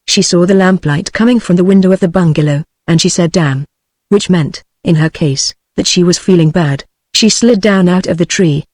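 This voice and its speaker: A synthetic text-to-speech voice narrating an audiobook in an even, mechanical reading. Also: mid-range voice, no echo.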